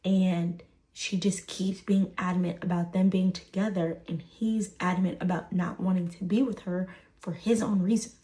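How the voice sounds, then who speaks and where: A woman's voice: fairly low pitch, flat delivery, normal speed, dark tone. A woman telling a personal story to the camera, stressing points by repeating words. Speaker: storyteller in a shared clip.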